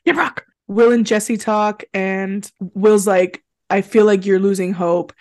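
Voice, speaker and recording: A woman's voice: medium pitch, slow pace. A young woman co-hosting a casual podcast chat, retelling what people said with lots of laughs. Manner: chatty, giggly, acts out quotes in a flat deadpan. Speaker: podcast co-host recapping a reality show.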